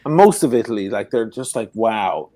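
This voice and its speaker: An Irish man chatting as a guest on a video call from his home, telling stories in an animated, profane ranting way. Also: lowish voice, normal speed, no echo. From Ireland. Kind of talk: casual chat. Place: home in Venice.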